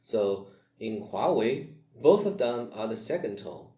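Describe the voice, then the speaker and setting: A man teaching tones in a careful, scripted lesson, demonstrating each tone aloud. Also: roomy sound. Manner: slow, careful, demonstrating tones with lively pitch swings. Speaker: Chinese language teacher.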